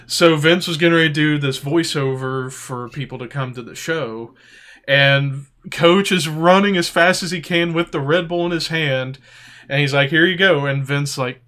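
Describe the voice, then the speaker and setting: A man co-hosting a podcast, telling stories in a casual chat, animated and often laughing as he acts out voices. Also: fairly high pitch, normal speed. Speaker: podcast co-host.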